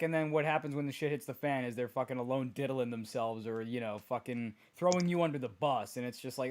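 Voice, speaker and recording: A man's voice: mid-range voice, fast, hardly any pauses. A man co-hosting a podcast, reacting to a story with profane wisecracks. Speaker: podcast co-host. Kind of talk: casual chat.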